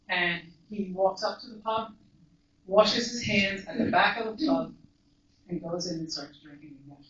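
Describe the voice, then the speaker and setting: A woman speaks to a live audience in an earnest, emphatic storytelling manner, her voice at an everyday middle pitch. She sounds far from the microphone in a large, echoing room. The recording is dull and slightly muffled. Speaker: guest speaker and mental health counselor. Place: large echoey event room.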